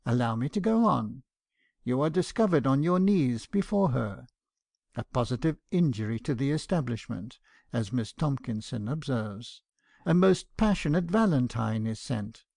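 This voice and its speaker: A man voicing a fussy, earnest elderly doctor in an audiobook, speaking with soft, formal, flustered politeness. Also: medium pitch, expressive, moderate pace, vocal fry, dry recording, studio quality. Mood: earnest reproof. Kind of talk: audiobook character reading.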